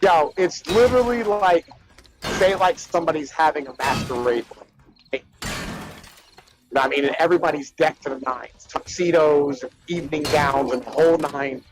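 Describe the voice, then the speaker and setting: A man co-hosting a casual chat show, retelling comedy bits in an animated, profane way with lots of "like" and "right?". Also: a little high, moderate pace, noisy background. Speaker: podcast co-host.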